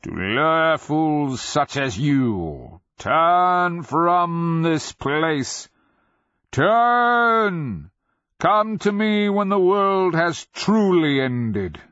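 A man voicing an ancient undead dragon with a booming, croaking voice, drawing each word out slowly and menacingly. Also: sing-song, a bit bright, no echo, exaggerated voice. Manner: slow, drawn-out, menacing. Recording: dull lo-fi dry recording.

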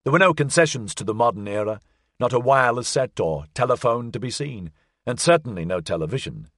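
A male narrator reading a novel with measured, expressive delivery and wide, lively swings in pitch. The sound is close and dry, with no room around it. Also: dry recording. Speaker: audiobook narrator. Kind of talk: scripted narration.

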